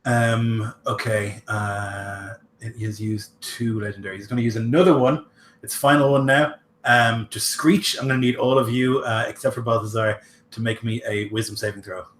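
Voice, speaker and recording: A man's voice: fairly low pitch, fairly even intonation, normal speed, fairly bright tone, echoey room, slight background noise. A man narrating as game master in a tabletop role-playing game, loose and full of fillers, describing combat in gory detail.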